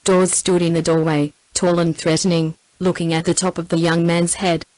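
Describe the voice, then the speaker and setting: Low-voiced Australian synthetic woman narrator. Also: normal speed, no room sound, poor audio. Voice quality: even synthetic text-to-speech delivery. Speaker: audiobook narrator. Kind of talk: scripted narration.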